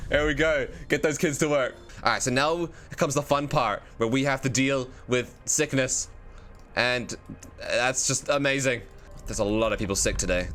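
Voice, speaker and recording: A man's voice: medium pitch, fairly bright tone. A man giving playful, joking commentary on a video game as a streamer. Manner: playful, joking, laughs often.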